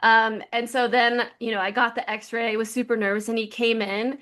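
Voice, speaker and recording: A woman co-hosting a podcast, telling stories in a lively casual chat full of "like" fillers. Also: fairly high pitch, normal speed. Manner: lively storyteller, many "like" fillers. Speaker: podcast co-host.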